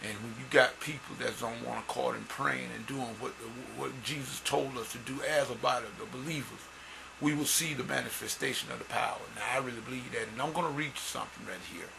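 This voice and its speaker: A man giving an informal sermon and reading scripture, earnest and folksy, growing louder and higher as he builds. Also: fast talker, gravelly, background noise. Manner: folksy, repeats words and restarts. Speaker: church musician and lay preacher.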